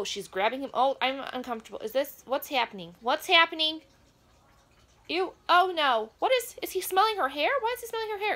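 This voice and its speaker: A woman's voice: sits high, fairly bright tone, exaggerated voice. A woman playing a prim, nosy grandmother who reacts to a pop performance with prudish, flustered, rambling remarks and quaint asides. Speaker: comedic reaction host. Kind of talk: comedic character reaction video.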